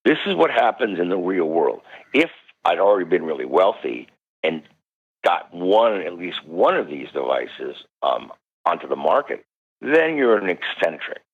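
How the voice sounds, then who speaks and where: A man being interviewed as a guest parapsychologist, telling stories animatedly with sudden jumps in pitch. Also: sing-song, moderate pace, breathy edge. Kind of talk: recounting stories in a radio interview. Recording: dull lo-fi radio call.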